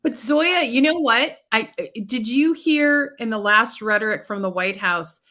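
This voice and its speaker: Woman, panelist, higher voice, casual, amused interjections. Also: a little slow, bright, forceful tone. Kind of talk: political commentary.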